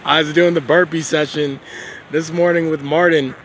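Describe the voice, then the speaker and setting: A man's voice: on the high side, fairly even intonation, normal speed, fairly bright tone, a little hiss or hum. A man recording a casual video journal outdoors on a beach, talking in a rambling, profane, laid-back way into a phone held at arm's length.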